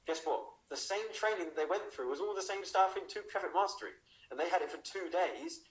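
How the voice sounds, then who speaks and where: Emphatic English man pitching a course. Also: fairly quick, poor audio. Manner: emphatic, peppered with "okay?" and rhetorical questions. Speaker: webinar presenter. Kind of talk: online sales pitch.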